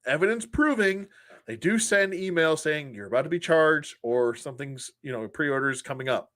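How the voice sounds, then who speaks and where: A man's voice: fairly high pitch, lively intonation, normal speed, fairly bright tone. A man hosting a collectors' show, telling a frustrating customer service story in a casual, exasperated way with acted quotes. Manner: exasperated, retells phone calls in acted quotes.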